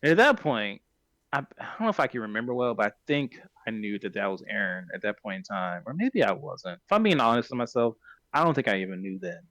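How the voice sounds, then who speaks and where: A man's voice: mid-range voice, sing-song, fast talker, fairly bright tone, no room sound. Rambling male podcast host. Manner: rambling, self-correcting retelling. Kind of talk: casual plot recap chat.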